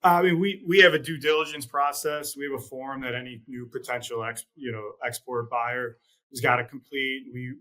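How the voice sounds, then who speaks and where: A man as an interview guest, talking in a measured, plain-spoken way and repeating words as he thinks. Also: mid-range voice, sharp tone, low-quality recording. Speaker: guest, trading executive. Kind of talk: casual interview chat.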